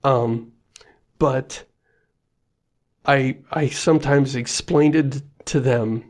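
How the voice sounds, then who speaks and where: A man's voice: medium pitch, steady tone, drawn-out words, long pauses, a little mellow. A man co-hosting a podcast in casual chat, jokey and self-mocking, laughing often. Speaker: podcast co-host.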